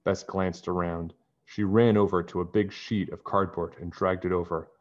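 A man reading a children's book aloud in a calm, even narrating voice. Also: deep voice, moderate pace. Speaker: storybook reader. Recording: dull lo-fi recording.

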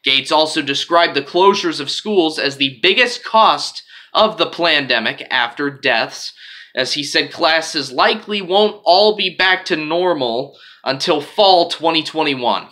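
Bright-voiced man reading news with asides. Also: animated, unhurried. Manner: reads headlines with rising emphasis, drops to low asides for opinions; frequent fillers and restarts in asides. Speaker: news commentary host. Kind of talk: reading news articles with personal commentary.

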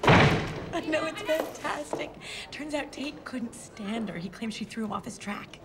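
A gossipy, hushed coworker. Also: female voice, sits high, expressive, unhurried, very noisy. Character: gossipy woman coworker on the phone. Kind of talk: film acting.

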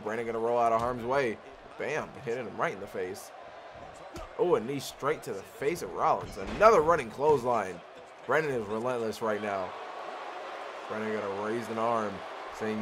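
A man giving excitable play-by-play commentary on a video game match, shouting at the big moves. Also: medium pitch, noisy background.

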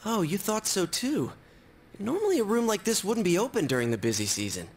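A man's voice: high voice, big pitch swings, brisk. An actor voicing a jumpy, easily spooked teenage boy in a video game, nervous and wry. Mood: casual. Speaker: game character. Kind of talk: English game dub.

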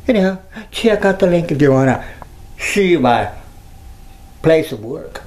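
A man's voice: fairly high pitch, expressive, unhurried, pauses often, darkish tone, slight background noise, poor audio. A man chatting casually to viewers on a livestream, playful and giggly, often slipping into mocking sing-song voices. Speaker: YouTuber.

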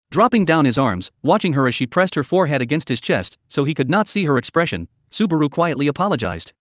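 A man narrating a novel as an audiobook in an expressive storytelling manner. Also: on the high side, dry recording, clean studio sound.

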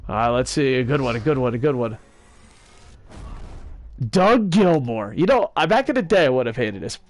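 In a mid-range voice at a moderate pace, an excitable man hosts a laid-back gaming video, rambling through jokes, sarcastic rants and curses while talking with an off-mic friend.

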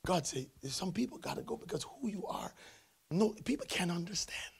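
A man preaching a sermon in church, swinging from hushed tones to loud shouting. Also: high-pitched, sing-song, normal speed, vocal fry, husky. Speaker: pastor.

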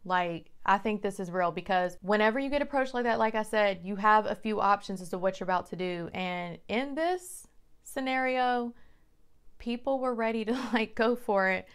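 A woman hosts a casual reaction video, talking at an ordinary middle pitch. Her voice is smooth and clear, and she often breaks into surprised exclamations as she comments.

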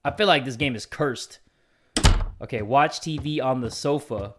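A young man playing a horror game and commenting as he goes, casual and slangy, reading the prompts aloud and yelping and shouting whenever something startles him. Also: medium pitch, normal speed, background noise. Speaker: gaming YouTuber. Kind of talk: let's play commentary.

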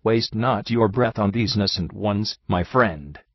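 A man voicing an excitable, flowery French detective who talks theatrically, on a dull, dry, lo-fi recording. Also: fairly low pitch, a little slow, no echo. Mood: urgent. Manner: theatrical, effusive, exclamatory.

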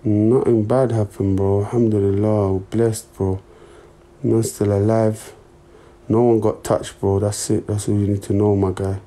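A man's voice: on the low side, little pitch movement, a little slow, warm tone. A young man chatting casually and in to his livestream viewers on a phone mic. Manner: laid-back, slangy, talks to his chat.

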